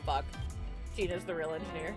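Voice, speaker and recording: A woman's voice: low voice, steady tone, brisk. A woman livestreaming a game, chatting casually and reacting with swearing and laughter. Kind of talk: casual live gameplay chatter. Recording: game music playing behind. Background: game music.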